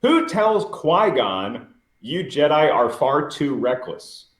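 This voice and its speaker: A man's voice: a little high, very animated, slow, reverberant. A man reading questions in a live-streamed trivia match, playful and teasing with the contestants.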